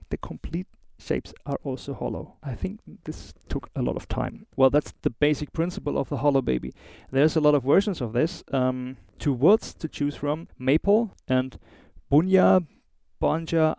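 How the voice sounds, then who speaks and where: Male host, German accent, relaxed chatty gear reviewer; gravelly, dark tone, dry close sound. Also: medium pitch, moderate pace, few pauses, dry recording. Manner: chatty, informal, with small asides and fillers. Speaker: host of a guitar review show.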